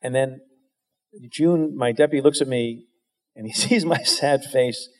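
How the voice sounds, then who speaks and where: A man's voice: mid-range voice, a little slow. Wry middle-aged man telling stories in a reverberant hall. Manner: wry, self-deprecating, frequent restarts. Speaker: guest answering an interviewer's question. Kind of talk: candid storytelling, conversational.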